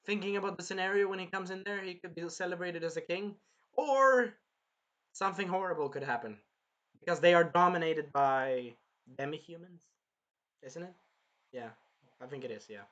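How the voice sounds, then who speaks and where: A man reviewing an anime episode in casual chat, animated and swearing, acting out lines from the show as he goes. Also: high voice, moderate pace, muffled recording. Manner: animated, swearing, retells scenes in put-on voices.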